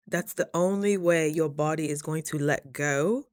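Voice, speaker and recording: A young woman talking casually in a motivational vlog, chatty and animated, jumping high when she quotes people. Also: unhurried, hardly any pauses. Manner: chews while talking at times. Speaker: vlogger.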